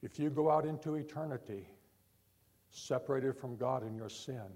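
An older man, a pastor, preaching a sermon in church in an earnest, repetitive way, talking from the heart rather than yelling. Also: medium pitch, normal speed.

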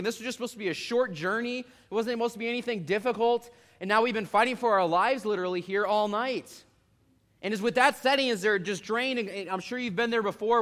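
A young man with a high-sitting voice preaches an expository sermon, narrating the story with energy. He voices the people in it as he goes.

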